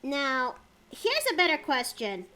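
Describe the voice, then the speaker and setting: A woman's voice: high voice, sing-song, measured pace, bright, forceful tone. A young woman streaming while she draws, chatting casually with her chat and thinking aloud. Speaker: streamer and artist.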